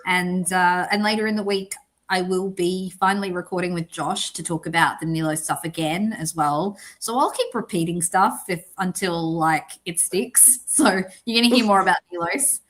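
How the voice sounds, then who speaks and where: A woman's voice: lowish voice, normal speed, fairly bright tone. A woman, hosting a casual livestream chat and laughing often. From Australia. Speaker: podcast host.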